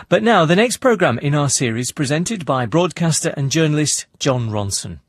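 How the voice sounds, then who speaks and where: Husky, lively male radio announcer. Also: a little high, no echo, studio quality. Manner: polished, measured announcing. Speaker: continuity announcer.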